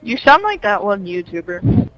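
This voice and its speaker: A man's voice: sits high, big pitch swings, normal speed, fairly bright tone, dry recording, poor audio. A man chatting on voice chat as a fellow racer, casual and a bit apologetic.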